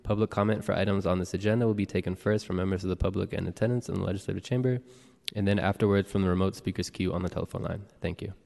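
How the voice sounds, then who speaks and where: A man serving as clerk, reading the roll and announcements briskly. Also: low voice, steady tone, creaky, dark tone. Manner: brisk and procedural. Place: city hall chamber. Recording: long reverb of a hall.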